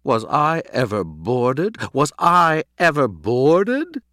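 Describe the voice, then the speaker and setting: A man voicing a theatrical, paranoid male house cat in a storybook reading, smooth one moment and hysterical the next. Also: on the low side, very animated, normal speed, fairly bright tone, dry recording, clean studio sound. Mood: dramatic.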